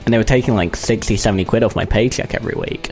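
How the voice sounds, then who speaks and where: A man's voice: fairly low pitch, racing, a little mellow, faint music behind. A British man with a lisp, chatting casually and jokily as a radio co-host. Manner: chatty, rambling, jokey. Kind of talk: casual chat.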